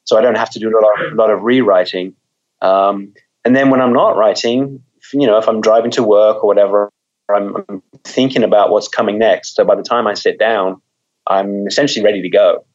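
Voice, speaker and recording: A man with a lowish voice, talking as a guest author. He is thoughtful and loose, and he often restarts his words. The audio is dull and lo-fi. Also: steady tone, brisk. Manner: thoughtful, repeats words while thinking. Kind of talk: conversational interview.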